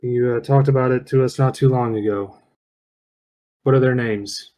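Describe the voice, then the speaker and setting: Swearing, excitable tabletop player man. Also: mid-range voice, normal speed, poor audio. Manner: excitable, swears, thinks aloud. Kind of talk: casual tabletop game chat.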